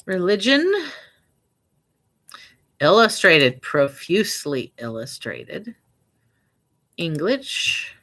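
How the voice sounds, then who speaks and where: A woman's voice: on the low side, very animated, extremely slow, pauses often, a bit bright. A woman from the American Midwest chatting casually and thinking aloud as she lists items to sell online. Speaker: online reseller and vlogger. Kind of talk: casual chat while working.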